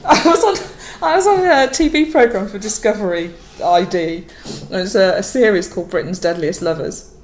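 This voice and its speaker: Woman from Birmingham, giggly and chatty, lively voice, roomy echo. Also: medium pitch, normal speed, few pauses, a little hiss or hum. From England, Birmingham. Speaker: comedian guest. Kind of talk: casual podcast chat.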